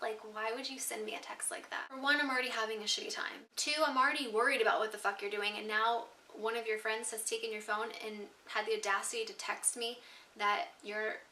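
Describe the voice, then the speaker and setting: A young woman vents through a storytime vlog, her bright, forceful voice sitting a touch high. She talks candidly and swears freely. The room echoes around her, and the mic sits a little way back. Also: distant mic. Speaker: vlogger. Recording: roomy echo, mic set back.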